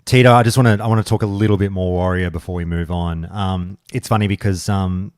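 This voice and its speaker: A man's voice: sits low, fairly even intonation, a little fast, a little mellow, smooth, no room sound, clean studio sound. A man, hosting a casual podcast chat, ranting and swearing as he gets heated. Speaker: podcast host.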